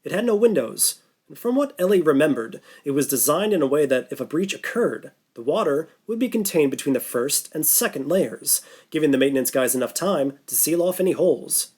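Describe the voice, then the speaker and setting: A man reading a thriller audiobook in a steady, even narration. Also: a little high, fairly quick, breathy edge. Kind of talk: scripted narration.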